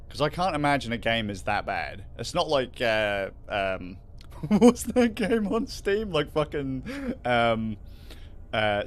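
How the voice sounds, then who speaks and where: A man's voice: medium pitch, fairly bright tone. A man hosting a livestream in casual, rambling chat, swearing freely and laughing often. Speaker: livestream host.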